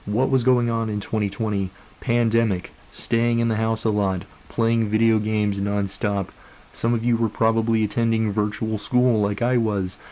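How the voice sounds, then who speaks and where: Young man, low flat storyteller. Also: moderate pace. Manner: relaxed, conversational, wry. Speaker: YouTuber. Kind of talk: storytime narration.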